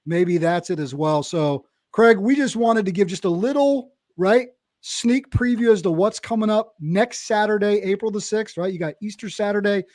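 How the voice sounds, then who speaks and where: A man hosting a podcast, energetic and rallying as he hands off to guests and promotes an event. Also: high voice, normal speed, no echo, clean studio sound. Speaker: podcast host. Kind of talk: podcast conversation.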